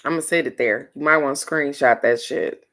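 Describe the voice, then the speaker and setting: Speaking at normal speed, this middle-aged woman has an extremely low yet fairly bright voice. An oracle card reader, she delivers a casual card-of-the-day reading in a frank, earnest manner, with a swear now and then.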